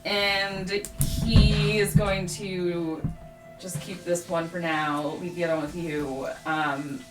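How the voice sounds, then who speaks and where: A woman game master narrates a tabletop game in a lowish voice, pausing on fillers as she goes. She sits back from the mic in an echoey room. Music plays under her. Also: steady tone, far from the mic. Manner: hesitant, filler-heavy narration.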